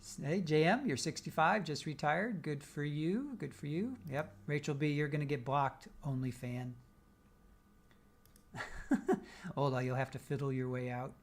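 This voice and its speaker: A man with a fairly high, unhurried voice hosts a live stream, casually reading viewer comments aloud. He teases, jokes, and laughs often.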